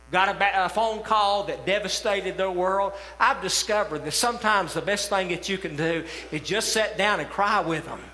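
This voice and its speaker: A man preaching a sermon as pastor, impassioned and rising to shouts, recorded in a church sanctuary. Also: high-pitched. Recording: echoey church hall with long reverb.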